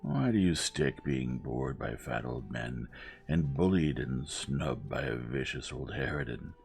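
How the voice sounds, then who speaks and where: A man's voice: extremely low pitch, lively intonation, unhurried, vocal fry, a little mellow, faint music behind, full character voice. A man voicing a gloomy, scornful young man in a storybook reading.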